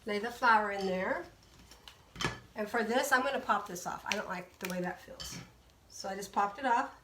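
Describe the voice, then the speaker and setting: In a casual live craft demo, a woman explains each step in a friendly, talkative manner and says hello to viewers by name. She speaks at a moderate pace in a mid-range voice, picked up by a far-off mic in a roomy space with background noise.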